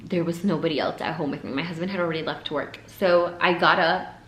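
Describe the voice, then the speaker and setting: A young woman telling a personal story to her viewers, emotional and halting, her voice sometimes dropping to a whisper. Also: sits low, fairly bright tone. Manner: emotional, pausing, voice breaking into whispers. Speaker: vlogger. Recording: echoey room, faint ambience.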